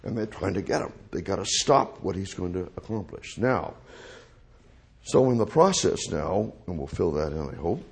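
A man's voice: sits low, animated, normal speed, gravelly, darkish tone, breathy edge. A man teaching the Bible verse by verse, repeating phrases and restating each verse in plain everyday words.

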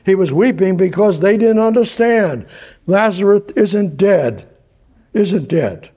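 Older preacher, rambling Bible teaching. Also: male voice, high-pitched, expressive, takes it slowly, dark tone. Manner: rambling, repetitive, restarts and paraphrases scripture.

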